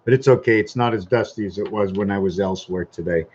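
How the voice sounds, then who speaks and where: A man's voice: fairly low pitch, fast, noisy background. Rambling man on a dull lo-fi vlog. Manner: rambling, wandering, thinks aloud with restarts. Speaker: vlogger. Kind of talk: rambling casual vlog monologue. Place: home.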